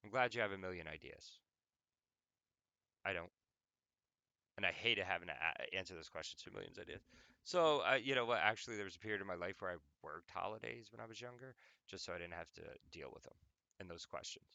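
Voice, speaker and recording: Speaking a little fast with vocal fry, a young adult male podcast host rambles through a casual, profane, jokey monologue packed with "like"s. His low voice is animated, pushed, and bright, with no echo.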